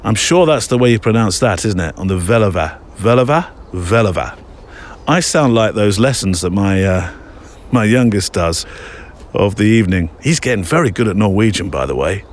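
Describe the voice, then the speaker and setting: A man's voice: lowish voice, animated, moderate pace, a little hiss or hum. A middle-aged man hosting a photography podcast in a casual, rambling, self-deprecating way, with many fillers. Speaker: podcast host. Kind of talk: casual chat.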